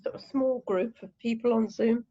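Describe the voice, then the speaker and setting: A woman's voice: on the high side, steady tone, normal speed, dark tone. A woman hosting a casual video call chat, checking in on people. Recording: dull lo-fi video call audio.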